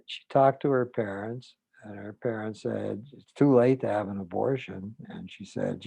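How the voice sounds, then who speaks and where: Gravelly, mellow-voiced older man storytelling. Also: dry recording. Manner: halting, with many fillers and restarts; quotes people in a softened, lowered voice. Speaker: psychologist host. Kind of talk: reflective storytelling monologue.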